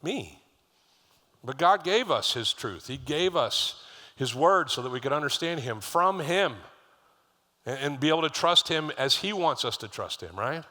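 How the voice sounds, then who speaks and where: A man's voice: fairly high pitch, animated, measured pace, pushed and bright. A middle-aged man preaching a sermon as lead pastor, conversational and storytelling, with asides to the congregation. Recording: live church hall reverb.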